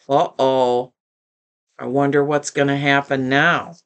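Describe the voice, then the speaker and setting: An older woman reading a children's picture book aloud with gentle, chatty asides to young listeners. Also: mid-range voice, expressive, slow. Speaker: storybook reader.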